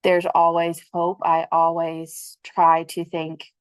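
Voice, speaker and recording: A woman's voice: lowish voice, monotone, slow pace, clean tone. A young adult woman, the podcast host and a mother, speaking earnestly and reflectively in casual conversation.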